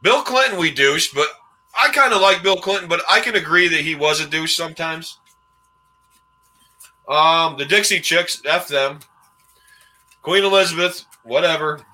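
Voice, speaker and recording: Bright-voiced man hosting a casual podcast. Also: a little high, normal speed, pauses often. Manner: rambling, laughs while telling stories. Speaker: podcast host. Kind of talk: casual storytelling chat.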